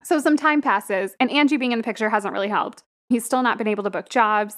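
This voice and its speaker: A young woman with a somewhat high voice co-hosts a casual podcast. She walks through a film's plot and breaks into laughter again and again. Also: brisk. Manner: laughs often while recapping plots. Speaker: podcast co-host. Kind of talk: casual movie review chat.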